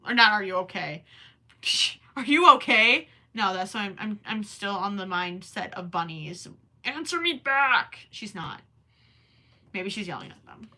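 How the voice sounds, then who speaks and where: Bright-voiced young woman chatting while crocheting. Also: medium pitch. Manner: chatty and distracted, often stops to count stitches under her breath. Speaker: crochet livestreamer. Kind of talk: casual livestream chat while crocheting.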